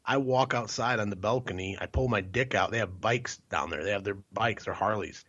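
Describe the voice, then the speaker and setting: A man's voice: on the low side, fairly quick, a bit bright, slightly rough, dull audio. A man from Ohio co-hosting a podcast, telling rambling, profane stories and laughing through them. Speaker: podcast co-host. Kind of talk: crude casual storytelling.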